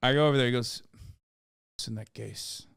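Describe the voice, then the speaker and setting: A man casually telling a story on a podcast, animated and swearing freely, acting out the people in it. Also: medium pitch, normal speed, vocal fry, clear, resonant tone, no echo, studio quality. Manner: animated, swears, acts out quoted officials.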